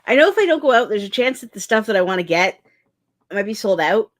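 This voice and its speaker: A woman's voice: mid-range voice, sing-song, fast. A young woman chatting casually on a writing livestream, reading chat aloud and often restarting her sentences. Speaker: streamer hosting a writing session.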